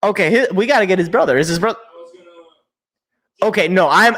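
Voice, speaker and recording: A young man hosting a sports show, giving rambling, excitable live reaction commentary as events unfold. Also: sits high, a little fast, pauses often. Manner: excitable, rambling, thinks aloud.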